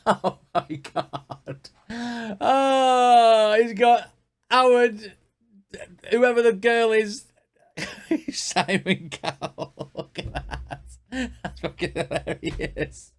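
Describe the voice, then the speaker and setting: A man's voice: sits high, very slow, no echo. A man hosting a reaction video, chatting casually with frequent laughs, swearing and rambling asides. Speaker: reaction channel host.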